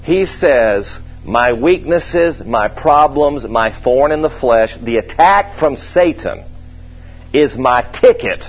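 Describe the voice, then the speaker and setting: A man preaching a sermon in a conversational way, asking the congregation questions and slowing down to stress scripture. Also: mid-range voice, expressive, husky. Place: church service with a congregation. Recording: dull lo-fi sermon recording.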